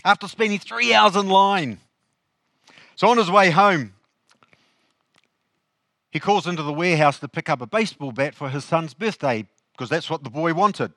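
A New pastor preaching in a chatty, questioning way, with a slightly higher male voice. The sound is dry and close, with little room in it. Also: expressive, normal speed, pauses often, sharp tone, no room sound. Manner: conversational, asks the congregation questions. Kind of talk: sermon.

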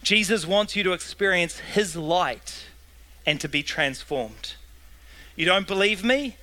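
A man preaching a sermon to his church in a slow, earnest way. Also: high voice, animated, pushed and bright, rough recording. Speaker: pastor.

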